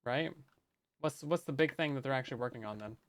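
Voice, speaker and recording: A man's voice: medium pitch, fairly quick, a little hiss or hum. A man streaming a game, chatting casually with viewers in a joking way and often repeating words as he restarts. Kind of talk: casual live-stream chat while gaming.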